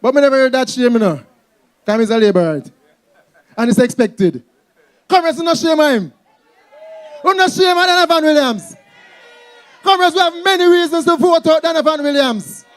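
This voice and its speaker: A man's voice: very high-pitched, moderate pace, long pauses. A Jamaican man speaking at a campaign rally, rousing the crowd as comrades and introducing the candidate.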